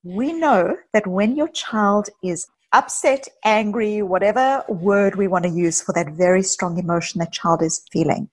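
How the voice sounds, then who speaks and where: A woman psychologist, a guest in an interview, talking earnestly and telling personal stories with quick asides. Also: medium pitch. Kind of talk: casual interview conversation.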